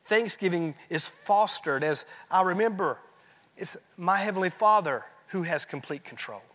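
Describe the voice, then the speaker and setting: A man preaching a sermon as pastor, emphatic and rising, then dropping to a hushed tone on key phrases. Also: high voice, animated, moderate pace, big-room sound.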